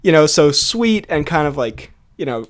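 A man's voice: a little high, sing-song, normal speed. A young man co-hosting a casual film review podcast, talking in a rambling way with lots of fillers and restarts. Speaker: podcast co-host.

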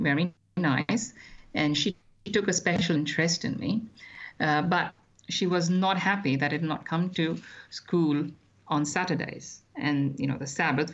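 A man, recounting his childhood as an interview guest in a measured, thoughtful way with frequent hesitations. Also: fairly high pitch, muffled recording. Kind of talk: reflective personal storytelling.

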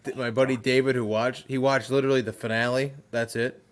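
Young guy, podcast co-host, mid-pitched, enthusiastic ranter. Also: flat delivery, brisk, a loud crowd. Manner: enthusiastic ranting. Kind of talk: casual podcast chat.

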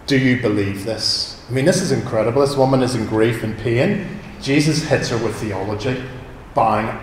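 A man preaching a sermon in a conversational, animated way, asking his listeners questions. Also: medium pitch, a little hiss or hum. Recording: echoey hall with long reverb.

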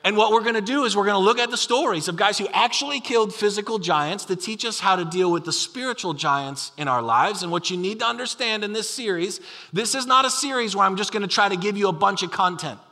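A man's voice: high voice, lively intonation, fast talker, bright, forceful tone. A man preaching a sermon as pastor, telling the story with emphatic energy. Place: church sanctuary. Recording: long hall reverb.

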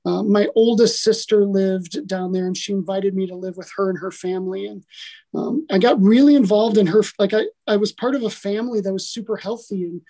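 A man from Milwaukee sharing his personal testimony as a podcast guest, earnest and animated, often restarting his sentences. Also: high voice, brisk. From Milwaukee, Wisconsin, USA. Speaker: podcast guest, author and coach. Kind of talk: casual personal testimony in an interview.

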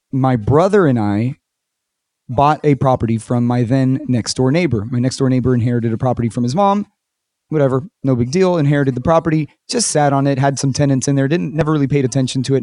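A man hosting a casual podcast interview, telling stories with lively acted-out quotes and casual swearing. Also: medium pitch, dry recording, studio quality. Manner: animated storyteller, acts out quotes, swears casually. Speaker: podcast host.

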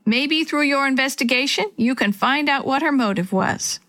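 A woman voicing a kindly, injured old male wrangler in a children's story, calm and reassuring. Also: high voice, moderate pace, no room sound, pitched above the performer's own voice.

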